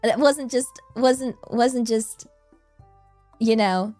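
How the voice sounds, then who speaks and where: A giggly, excitable woman streaming from home, her voice pitched high and bright as she chats with viewers. She talks in an unhurried, drawn-out way and slips Japanese words into her chat. Soft music plays faintly behind her. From United States. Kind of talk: casual live-stream chat. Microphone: good desk microphone.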